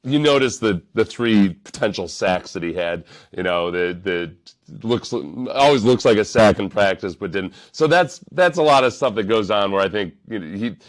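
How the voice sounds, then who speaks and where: Deep-voiced host, wry reaction talk, thinks out loud, restarts a lot. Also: male voice, expressive, moderate pace. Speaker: sports podcast host. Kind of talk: casual reaction commentary.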